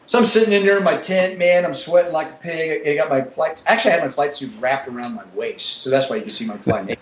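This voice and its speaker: A man telling a profane, animated story as a guest, a former Marine pilot. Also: a little high, fast talker. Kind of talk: casual storytelling. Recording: roomy echo.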